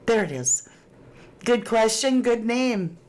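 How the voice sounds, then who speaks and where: Slow-talking woman reading chat comments. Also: a little high, lively intonation, a little mellow. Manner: chatty, laughs often, reads viewer comments. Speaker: true crime livestream host. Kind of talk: casual livestream chat reading comments aloud.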